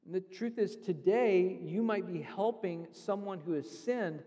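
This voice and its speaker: A male pastor preaching with a slightly raised pitch and an earnest teaching manner. He walks through scripture step by step. His voice rings with the long reverb of a church sanctuary. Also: unhurried, mellow, dull audio. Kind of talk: sermon.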